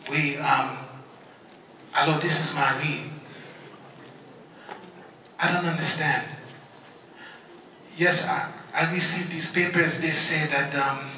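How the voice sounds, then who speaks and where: A man's voice: a little high, steady tone, slow pace, pauses often, bright, forceful tone, a little hiss or hum, full character voice. A man voicing a bewildered immigrant mother with a Haitian accent, speaking hesitantly and pleading. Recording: echoey convention hall from far off.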